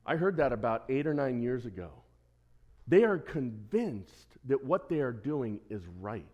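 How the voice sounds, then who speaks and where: A man preaching a sermon as pastor, lively and conversational, who quizzes the congregation and throws in joking asides. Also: medium pitch, unhurried, dull audio. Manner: lively, asks the congregation questions, self-deprecating asides.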